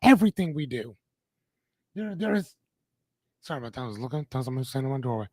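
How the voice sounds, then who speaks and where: A man's voice: medium pitch, very animated, fast talker, pauses often, darkish tone, no echo. A middle-aged man hosting a live motivational podcast, talking straight to his audience in a blunt, preachy way with casual swearing. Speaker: podcast host.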